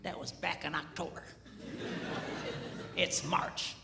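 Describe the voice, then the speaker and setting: A man voicing a fed-up wife who grumbles in a low, weary voice about her husband. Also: steady tone, slow, gravelly, noisy background, full character voice. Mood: exasperated. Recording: echoey hall reverb.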